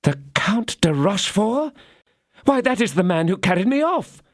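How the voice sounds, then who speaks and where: A man voicing a fierce, scornful young woman in an audiobook, speaking in an indignant, cutting way with a raised pitch. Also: sing-song, moderate pace, no echo, studio quality. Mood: accusing.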